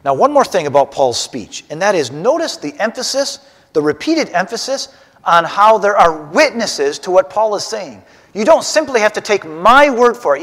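A man teaching a Bible lesson to a class, animated and putting questions straight to his listeners. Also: high-pitched, normal speed, in a large hall.

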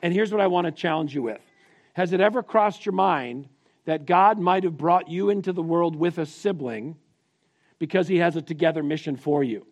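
A man's voice: high voice, vocal fry. A middle-aged man preaching a family sermon, leading the congregation in call-and-response repetition in a plain-spoken, teaching manner. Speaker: pastor.

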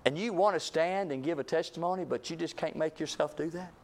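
Preacher swinging loud to hushed. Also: male voice, a little fast. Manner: swings from booming to hushed, repeats phrases. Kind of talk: revival sermon.

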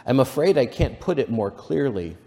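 A man's voice: medium pitch, very animated, moderate pace, dark tone. A man voicing a shy, polite, confused young girl from a storybook, hesitant in his delivery, with a long reverb behind him.

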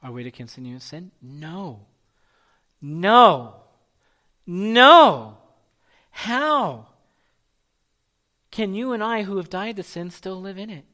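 A man preaching a sermon as pastor, repeating key phrases for emphasis and at times dropping to a hushed, near-whispered delivery. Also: high-pitched, animated, quick pace, few pauses.

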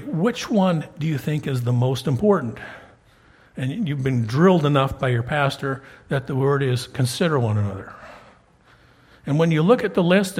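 Husky-voiced pastor preaching conversationally. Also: male voice, on the high side, a little mellow. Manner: conversational preaching, rising emphatically on key points. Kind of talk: sermon. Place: church sanctuary.

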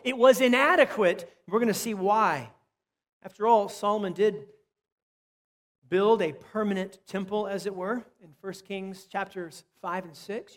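A man preaching a sermon with emphasis, repeating key phrases and dropping to soft asides. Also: high-pitched, long reverb tail. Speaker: pastor.

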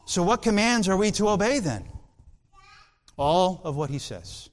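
A man preaching a sermon in an earnest, emphatic way, drawing out key words slowly. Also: high-pitched, big pitch swings. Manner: earnest, emphatic, with slow drawn-out stresses.

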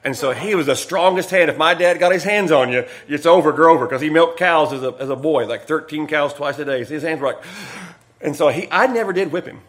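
A pastor with a slightly high, fairly bright voice speaks fairly quickly during a midweek sermon in a church sanctuary. Folksy and jokey, he tells stories to make his point, and the room sounds echoey.

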